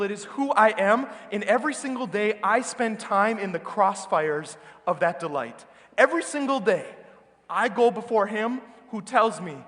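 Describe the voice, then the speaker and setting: A man with an American accent preaching a sermon as a priest, earnest and emphatic, slowing down on key words. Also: high-pitched, a bit bright. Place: large church. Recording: reverberant church hall.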